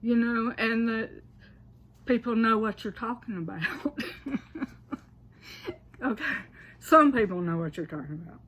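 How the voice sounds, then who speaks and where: A woman with a Southern US drawl explains local sayings in an easy, chatty way. She talks slowly, in a fairly high voice, and keeps checking in with her listeners. She laughs often. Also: a bit bright. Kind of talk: casual explainer, partly read aloud.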